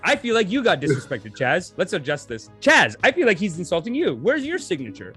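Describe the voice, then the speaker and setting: A man co-hosting a casual commentary chat, mocking and animated, with silly impressions thrown in. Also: sits high, brisk, loud music behind the voice. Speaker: co-host.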